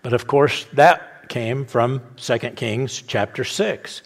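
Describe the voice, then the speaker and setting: A man's voice: medium pitch, slow pace, gravelly, big-room sound. A man giving an informal Bible teaching sermon, talking conversationally, restarting phrases and chuckling at his own asides.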